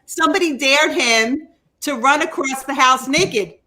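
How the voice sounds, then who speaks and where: A woman's voice: high-pitched, bright, forceful tone, a little hiss or hum, rough recording. A woman guest on a podcast, eagerly jumping in to tell a party story in casual chat. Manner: eager, quick interrupting storyteller. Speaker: podcast guest, firefighter's wife.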